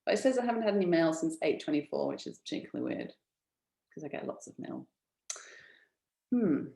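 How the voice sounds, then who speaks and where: A chatty woman hosts a live webinar and pitches her business with upbeat energy, laughing often and speaking straight to her viewers. Her voice sits a little low for a woman. The room has a noticeable echo. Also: wildly swooping pitch, brisk, mellow. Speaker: business founder hosting an online info session.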